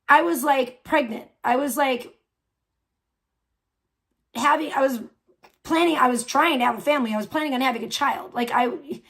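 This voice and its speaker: Streamer, woman, high voice, loud profane scornful ranter. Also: brisk. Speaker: livestream host. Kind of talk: profane livestream rant.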